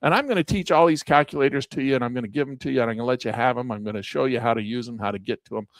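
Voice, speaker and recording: A man teaching high-yield investing as he walks through calculators on screen, animated and repetitive, with self-mocking asides. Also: rapid-fire, no echo. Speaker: finance educator. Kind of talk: casual screen-share tutorial.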